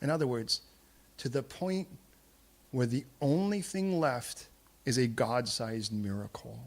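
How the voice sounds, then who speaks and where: A man preaching a sermon in a church, lively and humorous, slipping into acted voices for the people in his story. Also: medium pitch, unhurried. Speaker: pastor.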